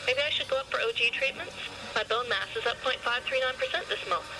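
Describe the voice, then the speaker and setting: A woman's voice: fairly high pitch, brisk, noisy background, voice pushed up, close to an everyday voice. Woman reading a vain worried model girl, storybook. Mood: fretful. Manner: fretful. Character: anxious, vain young fashion model.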